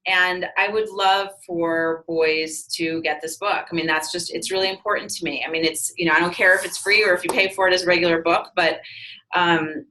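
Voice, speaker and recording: A woman guest in an interview with a bright, forceful tone and a lowish voice. She talks candidly and emphatically, doubling back and restarting as she goes. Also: fairly even intonation, a little fast, low-quality recording. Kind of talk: casual interview conversation.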